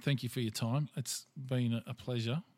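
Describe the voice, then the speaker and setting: An Australian man hosts a podcast in a relaxed, chatty way, his pitch sitting right in the middle. The sound is dry, with no room echo. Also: normal speed. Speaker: podcast host. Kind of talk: casual interview chat.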